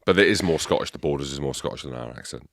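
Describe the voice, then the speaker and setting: A man's voice: a bass voice, fast, fairly bright tone, no room sound, studio quality. A man hosting a podcast in casual chat, leading with emphatic questions. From England. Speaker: podcast host.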